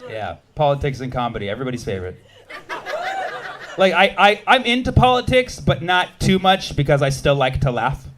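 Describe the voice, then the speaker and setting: A man doing a stand-up comedy set, punchy and quick with asides and banter with the crowd. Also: on the high side, sing-song, noisy background. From United States. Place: comedy club stage with a live audience.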